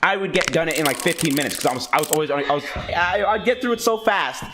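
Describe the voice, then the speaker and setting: High-voiced man telling a rambling tale. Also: quick pace, background noise. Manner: rambling, crude, excitable, often restarts. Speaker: storyteller. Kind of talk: casual profane storytelling.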